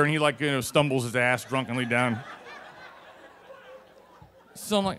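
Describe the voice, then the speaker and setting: A man telling a personal story on stage to a live audience, animated and conversational, with plenty of fillers and swearing. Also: a little high, moderate pace, long pauses, slight background noise.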